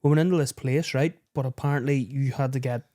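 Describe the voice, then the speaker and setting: A man's voice: mid-range voice, fast. A man, co-hosting a podcast and telling comic stories with lots of swearing, laughter and acted-out voices. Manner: animated anecdote-telling, heavy swearing, laughs mid-story, acts out others' lines. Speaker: podcast co-host. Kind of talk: casual chat, comic storytelling.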